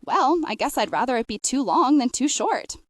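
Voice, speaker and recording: A woman's voice: high-pitched, lively intonation, moderate pace, no room sound, studio quality. A woman reading a grumpy old man in his eighties. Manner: curt and sarcastic. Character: grumpy old man, hardware store customer.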